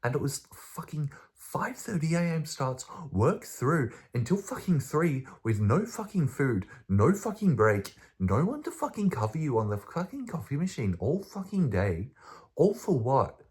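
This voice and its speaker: A young man vlogging to camera in a rambling, sweary way, swinging between hushed and loud. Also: a little high, very animated, measured pace, few pauses.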